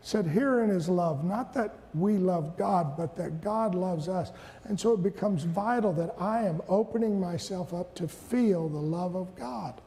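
An older man preaching a sermon, rising to shouted peaks and dropping into playful asides. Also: high voice, measured pace, big-room sound. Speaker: pastor. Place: church sanctuary.

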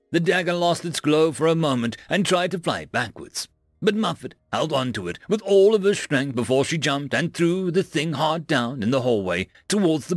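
A man narrating a fantasy story in an expressive storytelling manner. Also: medium pitch, no echo, studio quality.

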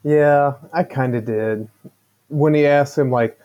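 A man's voice: mid-range voice, slow, warm tone. A man co-hosting a movie podcast, laid-back, mostly giving short agreeing replies in casual chat. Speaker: podcast co-host. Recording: dull lo-fi podcast audio.

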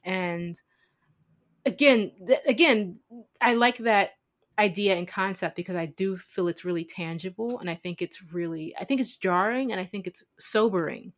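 A woman's voice: mid-range voice, moderate pace. A woman co-hosting a casual film podcast, speaking in a thoughtful, earnest way. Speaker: podcast co-host.

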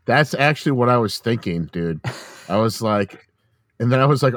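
A man's voice: medium pitch, moderate pace, no echo. A man in casual chat who jokes crudely, swears and laughs a lot.

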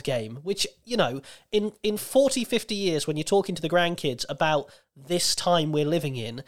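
A man hosting a relaxed chat with a slightly croaky voice that sits a little high. He talks in a chatty, self-deprecating way. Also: normal speed, hardly any pauses. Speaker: podcast host. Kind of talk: casual chat.

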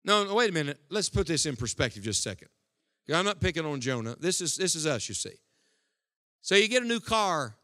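A man preaching a sermon to a congregation, swinging between loud, forceful lines and hushed ones. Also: a little high, very animated, brisk. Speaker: evangelist. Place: church hall before a congregation.

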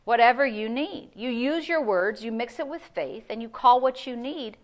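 A woman pastor preaching a sermon, animated and conversational, asking the congregation questions. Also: on the high side, moderate pace. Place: church service.

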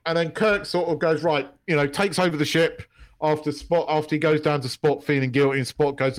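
A man's voice: a little high, fairly even intonation, brisk, no room sound. A man co-hosting a casual podcast chat, rambling with restarts and many yeahs. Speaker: podcast co-host.

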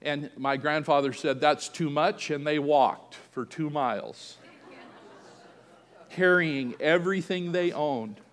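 A man's voice: on the high side, takes it slowly, fairly bright tone, long reverb tail. A man preaching a sermon, telling a family story and acting out the quoted voices. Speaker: pastor.

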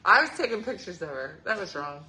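A woman's voice: lowish voice, quick pace. A woman in her forties hosting a casual chat, telling family stories with lots of laughter. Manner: laughing, animated storyteller. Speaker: host.

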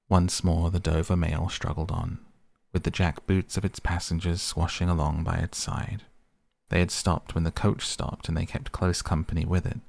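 A man narrating a classic novel in a measured storytelling manner. His voice is very deep and flat, with a gravelly grain. The recording is dry and close. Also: no room sound.

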